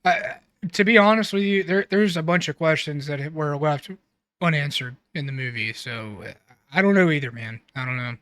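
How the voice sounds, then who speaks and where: A man's voice: fairly high pitch, normal speed, fairly bright tone, dry recording. A man co-hosting a casual film review podcast, recapping scenes in a blunt, rambling way and swearing freely. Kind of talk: casual chat.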